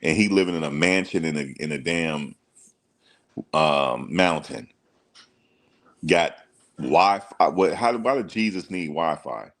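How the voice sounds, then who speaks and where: A man with a very low voice talks loosely and emphatically, heavy on slang. He keeps firing rhetorical questions as he reacts to a story. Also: animated, unhurried, pauses often, fairly bright tone. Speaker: online commentator. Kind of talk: casual reaction commentary.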